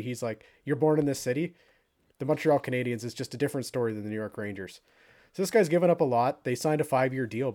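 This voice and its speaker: A man co-hosting a sports podcast, talking in a rambling, animated way with lots of fillers. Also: medium pitch. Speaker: podcast co-host. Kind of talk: casual sports chat.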